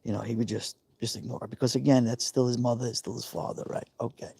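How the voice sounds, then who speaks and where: A man's voice: mid-range voice, flat delivery, fast, vocal fry, dark tone, breathy edge. A man, telling a personal story on a live stream in an emotional, confiding way, repeating himself for emphasis. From New York. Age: 50s.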